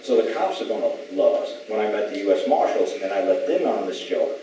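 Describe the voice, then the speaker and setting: A man's voice: lowish voice, sing-song, a little fast, warm tone, slight background noise. A man giving an informal talk to an audience, rambling through stories and acting out the people he quotes. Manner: rambling storyteller who acts out quoted voices. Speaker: public speaker at a gathering. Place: large echoey room. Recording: echoey hall, voice from far off.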